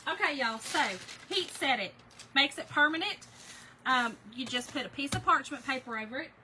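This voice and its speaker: Chatty high-voiced woman. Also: normal speed, slight background noise, rough recording. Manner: chatty, animated storytelling, addresses viewers as y'all and girl. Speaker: crafting livestream host. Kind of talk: casual chat while crafting, reading viewer comments.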